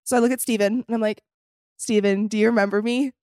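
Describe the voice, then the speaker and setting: A woman's voice: on the high side, fast, dry recording. Young woman guest on a podcast, chatty storyteller doing little voices for quotes, dry close mic. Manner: animated storytelling, acts out quotes, laughs often. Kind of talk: casual chat.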